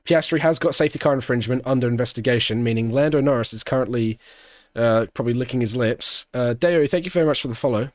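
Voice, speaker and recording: A man commenting live on a race for his stream, chatting loosely and answering viewers between moments of action. His voice sits at an ordinary middle pitch, and the recording is dry and close, with no room sound. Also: fast talker, no room sound. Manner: chatty, answers chat questions, breaks into excited shouting at big moments. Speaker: streamer hosting an F1 watch-along.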